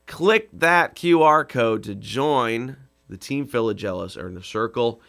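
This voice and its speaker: A man casually chatting with viewers on his live stream, rambling with many fillers and breaking into comic songs in a rough voice. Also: medium pitch, lively intonation, a little slow, fairly bright tone. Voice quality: rough singing voice. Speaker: comedy musician hosting a live stream.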